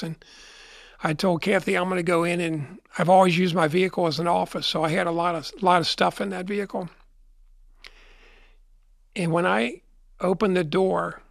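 Middle-aged guy rambling through a story, kinda high and gravelly, super dry sound. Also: a bit bright, dry recording. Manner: rambling, repeats words and restarts. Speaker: interview guest. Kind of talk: casual storytelling in an interview.

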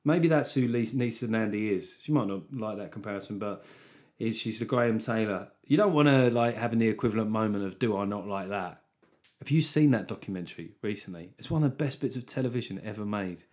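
A man's voice: lowish voice, fast talker, a little mellow. A man from Britain hosting a solo podcast, rambling and swearing with a wry, casual tone. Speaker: podcast host.

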